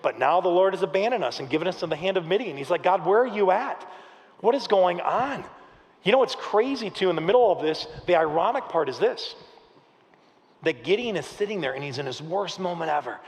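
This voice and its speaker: High-voiced pastor in a reverberant hall. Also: male voice, fast talker. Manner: animated storytelling with acted-out quotes. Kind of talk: sermon. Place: large church hall. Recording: long reverb of a large hall.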